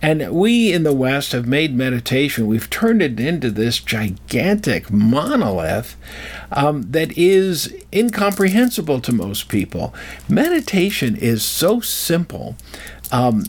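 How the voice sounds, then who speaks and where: An older man speaks in a casual, rambling monologue, often losing the thread and circling back. His pitch swings freely up and down, and his voice sits in a middle register for a man. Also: sing-song, unhurried. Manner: digressive, self-interrupting storyteller. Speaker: speaker giving life advice.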